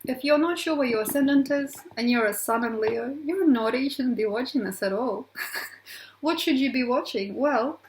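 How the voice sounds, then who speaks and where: Playful high-voiced woman astrologer. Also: moderate pace, a little hiss or hum. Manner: playful, affectionate, teasing, laughs often. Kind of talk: casual astrology vlog to camera. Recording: echoey room.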